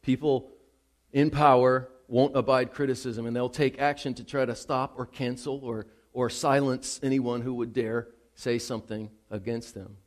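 A man preaching a sermon, moving from calm teaching to loud, excited emphasis. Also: mid-range voice, moderate pace. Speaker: pastor.

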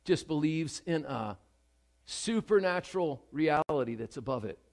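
A male pastor delivers a sermon in a fairly high voice. He swings between hushed, quiet passages and loud, stressed lines, speaking straight to the congregation. He repeats his key phrases to drive them home. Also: animated, unhurried, creaky.

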